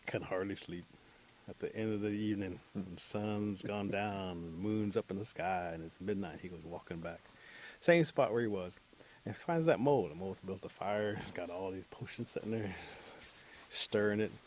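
A man telling a folk tale aloud, animated, acting out the characters' lines. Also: fairly low pitch, normal speed, a little hiss or hum. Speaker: storyteller. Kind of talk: oral storytelling.

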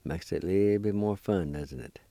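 A man's voice: low-pitched, brisk, mellow, no room sound. A man teaching a language lesson, patiently spelling and sounding out words syllable by syllable and encouraging his listeners.

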